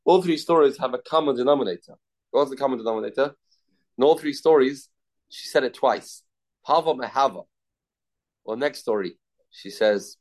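Male Talmud teacher, mid-pitched, reads then explains, repeats himself, self-questioning. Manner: repeats key phrases, asks and answers his own questions. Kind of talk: daily Talmud class.

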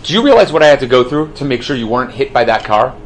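Man playing a wry, patient God; deeper than his own voice, lively pitch. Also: quick pace, a little hiss or hum, rough recording. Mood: patiently explaining. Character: God, a patient, wry all-powerful male voice.

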